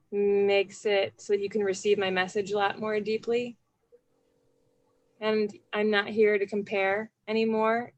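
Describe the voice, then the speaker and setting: A woman's voice: medium pitch, no room sound, lo-fi sound. Earnest, heartfelt woman speaker, dry sound. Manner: earnest, quick, heartfelt, laughs often. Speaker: guest speaker. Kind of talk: motivational talk to a group.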